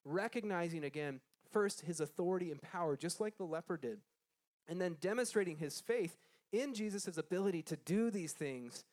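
A man's voice: high voice, darkish tone. A man teaching a Bible lesson to a group, reading scripture aloud, then explaining it in a conversational way and quizzing his listeners. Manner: conversational, asks the group questions, frequent restarts.

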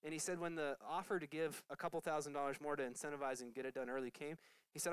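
A man, a pastor, telling a story to his church in an animated testimony, his voice jumping high when he is excited. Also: fast, smooth, no echo, rough recording. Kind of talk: sermon testimony.

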